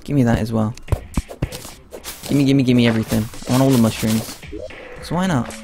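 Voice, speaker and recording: A man's voice: medium pitch, fairly even intonation, moderate pace, noisy background. A young man giving playful, chatty commentary while streaming a game and answering his chat. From Britain. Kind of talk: casual live-stream commentary. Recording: game music playing behind the voice.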